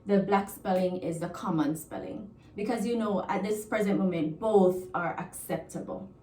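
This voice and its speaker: A woman's voice: mid-range voice, normal speed, mellow, reverberant, distant mic, a little hiss or hum. A woman from Jamaica with a Jamaican accent, teaching a language lesson and patiently repeating example phrases.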